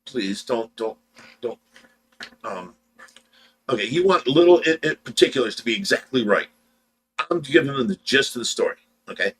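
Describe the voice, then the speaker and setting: Bright-toned man telling a story. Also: mid-range voice, lively intonation, moderate pace, long pauses, husky, low-quality recording. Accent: Ohio. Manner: rambling, repeats words, acts out dialogue. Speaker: livestream host. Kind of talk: casual storytelling.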